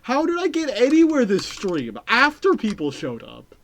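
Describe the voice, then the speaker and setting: A game streamer chatting live with viewers, rambling and excitable, repeating phrases and swearing casually. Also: mid-range voice, normal speed. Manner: talks to chat and repeats phrases. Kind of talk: casual live-stream chat while playing.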